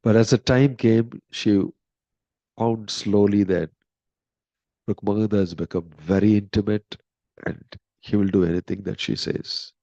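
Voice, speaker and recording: A man, a monk and spiritual teacher, retelling a sacred story in a conversational, animated way. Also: fairly low pitch, a little slow, creaky, no echo, highs cut off. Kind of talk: storytelling sermon.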